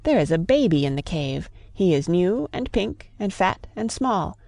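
A woman's voice: lowish voice, very animated, unhurried, a little mellow, no room sound, full character voice. A woman voicing a little bat in a storybook reading, eagerly bringing news. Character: little upside-down bat, a gossip.

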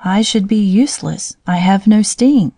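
A woman's voice: medium pitch, normal speed, warm tone, no room sound, clean studio sound, lightly acted. A woman reading a proud lazy drone bee prince. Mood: complaining. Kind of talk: storybook read-aloud.

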